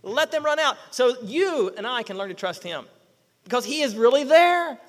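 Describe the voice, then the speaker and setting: A middle-aged male pastor preaching a sermon, animated, acting out quotes and firing rhetorical questions at the congregation. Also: extremely high pitch, moderate pace, big-room sound.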